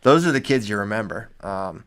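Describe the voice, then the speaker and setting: Young man, wrestling coach, podcast chat, lively storyteller, laughs mid-story. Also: lowish voice, brisk. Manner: animated storyteller, laughs through his own stories.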